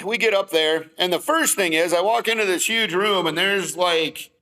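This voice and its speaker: Podcast guest, middle-aged man, bright and forceful tone, lively storyteller. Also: on the high side, low-quality recording. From Wisconsin. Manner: animated storytelling, acting out both sides of conversations. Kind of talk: casual storytelling.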